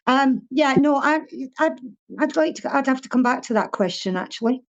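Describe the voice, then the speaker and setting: A woman's voice: high voice, highs cut off. An older woman with a Fife Scottish accent, a guest chatting bluntly in an interview, swearing freely and laughing often. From Scotland (Fife). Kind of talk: casual interview chat.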